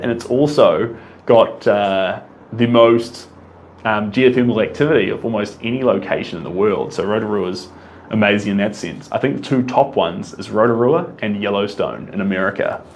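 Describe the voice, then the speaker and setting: A man's voice: on the low side, a little hiss or hum. A man with a New Zealand accent, an artist answering viewer questions in a casual live Q&A, reading questions out and replying off the cuff.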